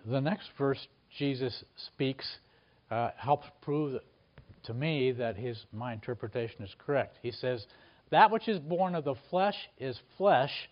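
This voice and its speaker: A man delivering a Bible teaching sermon in a mid-range voice, earnest and explanatory, often pausing on fillers and restarting his phrases. The recording sounds a little dull and muffled. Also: medium pitch. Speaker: preacher.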